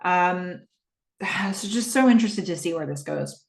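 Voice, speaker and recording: A woman hosting a podcast, retelling and reacting to a TV episode in a casual, animated way with lots of fillers. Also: on the low side, unhurried, gravelly, echoey room. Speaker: podcast host. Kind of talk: casual TV rewatch recap.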